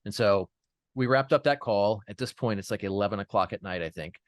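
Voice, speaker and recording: A man's voice: lowish voice, brisk, dry recording, studio quality. A man as an interview guest, telling a personal story in an earnest way, with many fillers and restarts.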